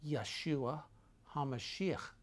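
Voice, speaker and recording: An older man telling a travel story with dramatic, animated delivery that swings between loud and hushed. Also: on the high side, slow.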